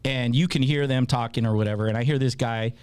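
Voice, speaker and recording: A man hosting a podcast, telling a long story in a casual, animated way, with a lot of swearing and laughter. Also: mid-range voice, fast talker, a little hiss or hum. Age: adult with a child. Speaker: podcast host.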